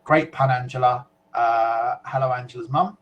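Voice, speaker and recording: A man's voice: mid-range voice, steady tone, normal speed, a bit bright, muffled recording. A man from the UK co-hosting a casual web chat show, reading out viewer comments in a chatty way with fillers and small asides.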